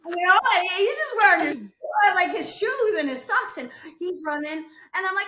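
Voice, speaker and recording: A woman guest on a podcast telling a story in an animated way, acting out quotes and laughing often. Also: very high voice, normal speed, hardly any pauses, echoey room, slight background noise. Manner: expressive, acts out quotes loudly, laughs often.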